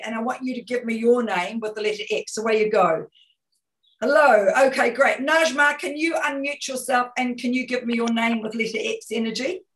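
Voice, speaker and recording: A woman from New Zealand, a communication consultant, coaching an online audience on a video call with direct questions and lively energy. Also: fairly high pitch, rough recording. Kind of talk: webinar coaching talk.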